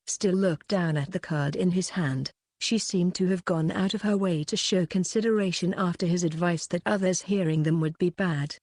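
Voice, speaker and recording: A woman narrating an audiobook with a steady, even reading. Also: fairly low pitch, normal speed, hardly any pauses, no echo, studio quality.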